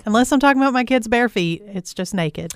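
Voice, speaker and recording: A Southern woman co-hosting a podcast, relaxed and quick to laugh. Her voice is smooth and clear, recorded close and dry. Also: on the high side, no echo. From American South. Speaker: podcast co-host. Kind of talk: casual chat.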